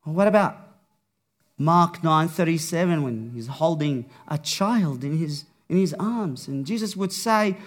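A male preacher delivering a sermon in a high voice. He speaks slowly and deliberately, dropping to hushed tones and then building up again with emphasis. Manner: slow, dramatic delivery swinging from soft and hushed to raised.

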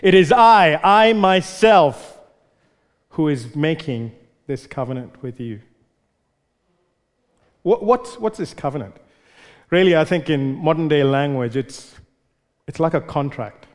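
Male preacher, emphatic and repetitive for stress, slightly high voice, long hall reverb. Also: lively intonation, measured pace, pauses often, a little mellow. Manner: emphatic, repeats words for stress. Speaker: pastor. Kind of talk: sermon.

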